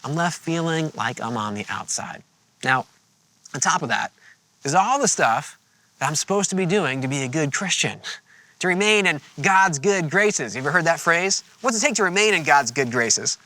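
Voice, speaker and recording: A man preaching a sermon in a conversational, animated storytelling way with playful asides. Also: fairly high pitch, normal speed, no room sound. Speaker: pastor.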